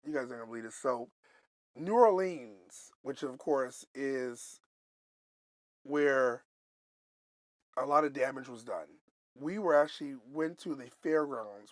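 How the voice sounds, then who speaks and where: A man's voice: medium pitch, no echo. Guy from buffalo telling a road trip story on a podcast, swears a lot, goes off on tangents, dry close mic. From Buffalo, New York. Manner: animated, swearing, loose rambling asides. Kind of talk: casual storytelling.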